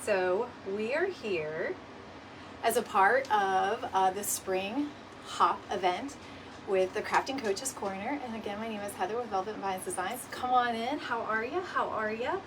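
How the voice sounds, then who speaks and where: A woman's voice: medium pitch, unhurried. A woman hosting a casual craft livestream from home, a little out of breath, chatty and greeting viewers by name. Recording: distant mic with clear background noise. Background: dog barking.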